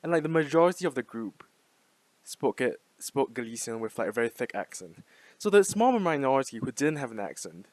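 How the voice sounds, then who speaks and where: A man's voice: mid-range voice, sing-song, a little fast, a little mellow, dry recording. A young man in his twenties talking through an unscripted casual monologue, rambling with lots of fillers, casual swearing and frequent laughs. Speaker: language-learning vlogger.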